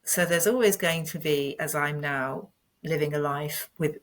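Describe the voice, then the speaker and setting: A woman in her fifties, guesting on a podcast, shares a personal story in an earnest, candid way, becoming animated as she retells it. Her voice is low and a little slow.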